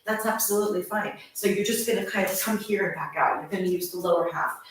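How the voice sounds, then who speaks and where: A woman's voice: medium pitch, fairly even intonation, brisk, few pauses. A young woman fitness instructor who talks to her viewers in an enthusiastic, chatty way. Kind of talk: casual channel introduction. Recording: very echoey room, voice far from mic.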